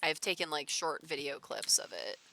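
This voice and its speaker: A woman's voice: low-pitched, lively intonation, normal speed, gravelly, background noise. A young woman streaming a building game, chatting, reading chat messages aloud and talking to herself as she plays. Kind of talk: casual gameplay commentary.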